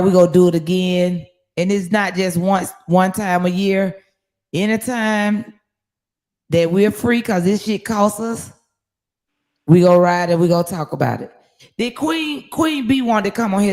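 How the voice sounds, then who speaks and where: A woman hosting a casual livestream from her phone, telling stories in a lively, profane way. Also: on the low side. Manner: lively, profane storytelling with laughs. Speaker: livestream host.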